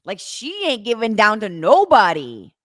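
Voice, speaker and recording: A woman co-hosting a podcast in casual chat, telling animated stories and swearing freely. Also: medium pitch, a little slow, no echo, studio quality. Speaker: podcast co-host.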